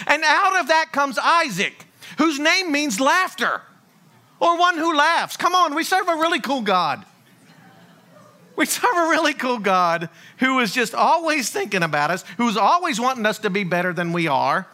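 A man's voice: extremely high pitch, normal speed. A man preaching a sermon, telling stories with energy and acting out the voices of the people in them. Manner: lively storytelling, acting out voices of figures. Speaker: pastor.

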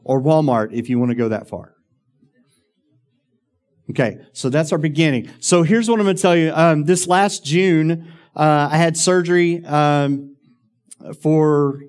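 A man's voice: fairly high pitch, measured pace, pauses often, darkish tone. A man, telling a long personal story in a rambling way, full of ums and uhs. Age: 40s. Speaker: former youth minister.

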